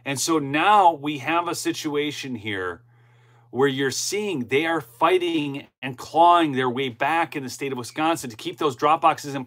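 Reading news on his political commentary channel, a middle-aged man speaks at a medium pitch with a slightly bright tone. He keeps breaking off into heated asides and starting his sentences over.

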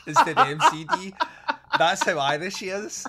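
A man's voice: sits high, very animated, moderate pace, pushed and bright. A man hosting a podcast, recapping a movie in casual chat, joking and laughing often. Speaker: podcast host.

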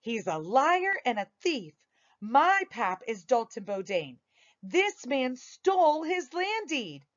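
A woman voicing a brave young pioneer girl who shouts defiantly. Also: sits high, very animated, slow, lo-fi sound, pitched above the performer's own voice, full character voice.

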